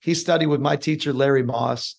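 A middle-aged man from Chicago, an actor guest telling stories in casual podcast chat, lively and swearing freely. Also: mid-range voice, fairly quick, gravelly, husky.

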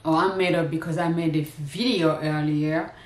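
A woman talks casually to her viewers at home, wandering from one thought to the next in a loose, chatty way. Her voice sits a little low. The room around her has a noticeable echo. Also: steady tone, moderate pace. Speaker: lifestyle vlogger. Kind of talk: casual vlog chat to camera. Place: indoors at home. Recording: echoey room.

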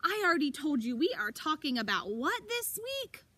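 High-voiced preschool teacher outdoors. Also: female voice, moderate pace, no room sound. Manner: animated, encouraging, speaks to young children. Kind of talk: child-directed circle time lesson.

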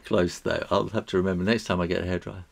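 A middle-aged illustrator with a low, gravelly voice chats cheerfully through a live drawing demo. He reads out viewer comments and laughs often.

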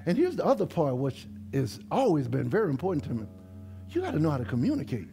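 Man, New Orleans accent, middle-aged pastor, sermon in a church, high voice, swooping lively pitch, dialect-heavy animated delivery. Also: quick pace, vocal fry, soft background music. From New Orleans, USA. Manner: animated preaching, dialect-rich, talks straight to the congregation. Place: church sanctuary.

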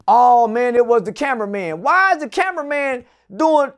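Middle-aged male guest with a high voice, swears a lot, acts out every character in his story, loud and animated. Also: moderate pace, hardly any pauses, clear, resonant tone. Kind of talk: animated storytelling in a casual interview.

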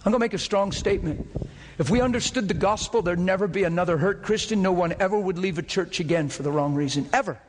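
Male preacher, high-pitched voice, fiery rapid-fire sermon delivery in a church. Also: in a large hall, slight background noise. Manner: impassioned, rapid-fire, climbing to near-shouting peaks.

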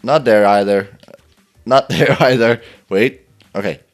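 A man's voice: fairly low pitch, unhurried, soft background music. A young man giving let's play commentary, laughing often, swearing and yelping in frustration as he plays. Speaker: gameplay commentator.

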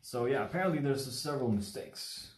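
A man's voice: medium pitch, animated, fairly quick, echoey room. A man from Mexico teaching paper folding in a casual livestream, rambling and chatty, often checking in with the viewer. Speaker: origami instructor. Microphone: livestream phone or webcam mic.

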